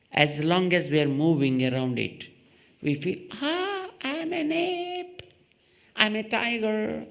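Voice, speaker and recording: A man gives a slow, deliberate spiritual discourse in a temple hall, at a middling pitch with a gravelly texture. He explains ideas through everyday examples and rhetorical questions. He jumps into a high voice whenever he acts out a quoted line. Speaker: spiritual teacher.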